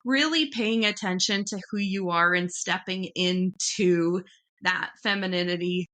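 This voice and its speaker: Bright, effusive woman hosting a podcast. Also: on the low side, unhurried. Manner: warm-hearted, effusive, gushing thanks. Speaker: podcast host. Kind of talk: casual interview conversation.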